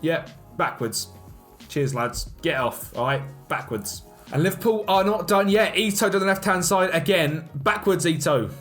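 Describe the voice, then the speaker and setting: A man with a slightly high voice calls his football game as it plays out. He swings from hushed grumbling to loud, animated cheering and complaining at the referee. Faint music runs behind him. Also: moderate pace. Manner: animated, shouts at the referee, self-mocking. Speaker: gaming YouTuber. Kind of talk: excited game commentary.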